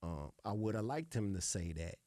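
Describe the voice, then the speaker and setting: A middle-aged man, a music producer being interviewed, telling stories in a relaxed, salty way and often adding "you know what I'm saying". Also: fairly low pitch, normal speed, dry recording, studio quality. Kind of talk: casual interview storytelling.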